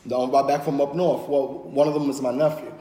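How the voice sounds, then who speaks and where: Animated man talking in an echoey room. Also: medium pitch, fairly quick. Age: 30s. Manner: animated storytelling, acts out friends' voices. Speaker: podcast host. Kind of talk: casual chat. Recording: echoey room with long reverb.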